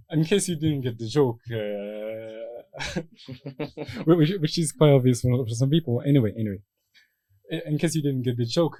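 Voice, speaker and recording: A man's voice: mid-range voice, warm tone, no room sound. A young man from Morocco giving a joking, rambling debate speech with frequent stumbles and restarts. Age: young adult. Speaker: student debater.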